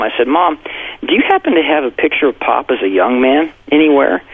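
A man's voice: medium pitch, dry recording. A male pastor and author telling a personal story in an interview, acting out quotes in a raised voice. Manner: animated, acts out quotes with raised voice. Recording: tinny phone-like broadcast audio.

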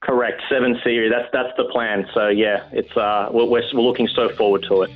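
A male actor, a guest on a phone interview, talking in a halting way with many restarts. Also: medium pitch, steady tone. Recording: tinny phone line.

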